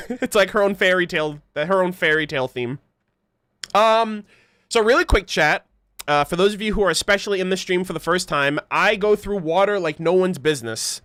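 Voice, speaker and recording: A man hosting a casual livestream commentary, excitable and chatty, laughing often and swearing freely as he talks to his viewers. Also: high voice, smooth, dry recording, studio quality. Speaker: livestream host reacting to an animated series.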